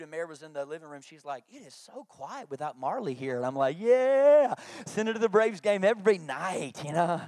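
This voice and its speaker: Preacher guy, high pitched, jokey storytelling sermon, dry sound. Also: no room sound. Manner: storytelling, jokey, animated with acted-out quotes. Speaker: pastor.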